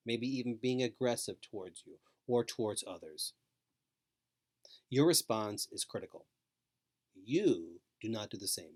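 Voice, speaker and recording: A man giving a scripted training lecture to caregivers, speaking slowly with calm, repetitive emphasis. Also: on the low side. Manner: slow, repetitive, soothing emphasis.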